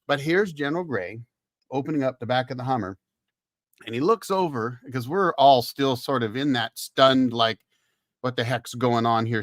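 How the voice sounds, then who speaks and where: A man's voice: on the high side, fairly bright tone, dry recording, studio quality. A man in his fifties, a former Marine, casually telling a salty, folksy story with cussing on his livestream. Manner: folksy, salty veteran's yarn with cussing and laughs. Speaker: host.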